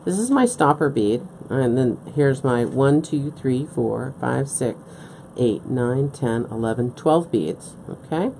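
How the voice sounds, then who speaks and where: A woman with a strikingly low, mellow voice leads a live beading demonstration. She explains each step patiently and often pauses to ask whether it makes sense. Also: lively intonation, gravelly, slight background noise. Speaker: beading instructor. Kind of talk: live-stream craft demonstration. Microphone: live-stream setup at a work table.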